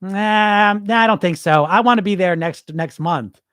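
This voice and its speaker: An impatient dieter who waves away the slow plan and insists on fast results, as a man plays him in a podcast. The voice stays fairly high and dry, close to the mic. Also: animated, dry recording, close to an everyday voice. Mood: dismissive. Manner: dismissive, brushing off advice. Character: impatient dieter who wants quick weight loss.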